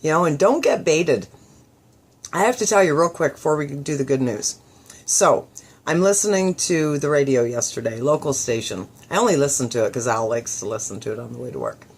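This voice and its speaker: A woman's voice: sits low, expressive, fairly quick, a little mellow, slightly rough. A middle-aged woman hosting a motivational radio show, chatty and upbeat, acting out the thoughts she quotes. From southwestern Ontario, Canada.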